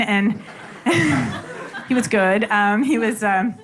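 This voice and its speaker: Chatty woman comic, fairly high voice. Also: moderate pace. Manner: chatty, animated storytelling with frequent fillers. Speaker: stand-up comedian. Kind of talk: stand-up comedy set. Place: comedy club stage with audience laughing. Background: audience laughter.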